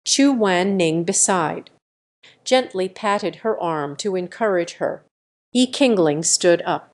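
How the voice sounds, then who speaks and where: A woman's voice: fairly low pitch, expressive, slow pace. A woman narrating a romance story in a scripted audiobook reading.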